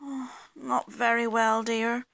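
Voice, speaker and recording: Brief: a woman playing a worn-out storybook papa bear, raised, loud, slow-drawn exasperation. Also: on the high side, flat delivery, creaky, dry recording, pitched above the performer's own voice, exaggerated voice. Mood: weary. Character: tired, exasperated father bear.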